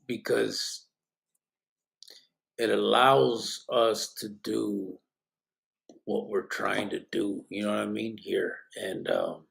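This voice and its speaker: Man, tired, gravelly, low voice, rambling live-stream host, spanish slang sprinkled in. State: tired, yawning. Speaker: podcast host reading live chat. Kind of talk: casual live-stream chat.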